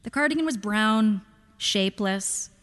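A woman in her thirties reading literary fiction aloud in a dry, wry, deadpan way. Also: medium pitch, measured pace, clear, resonant tone. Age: 30s. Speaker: reader. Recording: long hall reverb.

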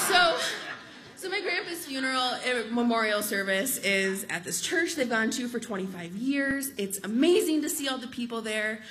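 A woman's voice: on the high side, normal speed, slight background noise. Woman doing a live storytelling set, chatty and amused, voice swoops all over. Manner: lively, conversational, amused.

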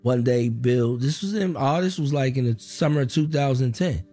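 A man's voice: mid-range voice, normal speed, warm tone. Man, emotional personal account, plain talk, music behind. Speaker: interviewee.

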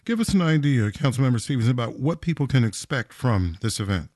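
A man's voice: medium pitch, lively intonation, a little fast, a little mellow, dry recording. A man hosting a live morning radio show, introducing stories and interviewing a guest in polished announcer phrasing.

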